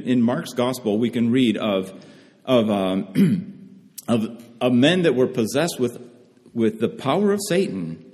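A man's voice: mid-range voice, a little mellow. A man preaching a sermon in an earnest way, often repeating phrases for emphasis. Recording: long hall reverb.

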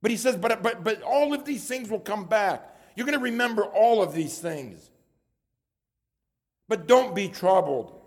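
A man with a high voice preaches a sermon. He speaks earnestly and often repeats words as he builds toward a point. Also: lively intonation, unhurried.

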